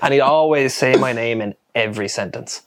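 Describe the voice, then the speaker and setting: A young man co-hosting a podcast tells stories at an easy, mid-pitched level. He laughs often and swears freely in loose, casual chat. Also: a little fast. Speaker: podcast co-host.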